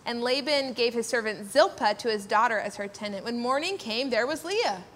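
High-voiced animated woman teaching Bible. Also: brisk, a little hiss or hum. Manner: animated, acts out quoted voices.

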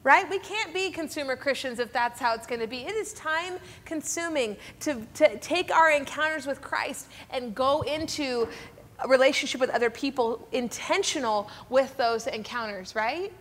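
A woman's voice: high-pitched, moderate pace, a bit bright. A woman in her thirties co-hosting a faith talk, speaking earnestly and conversationally, often turning to her listeners. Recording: long reverb.

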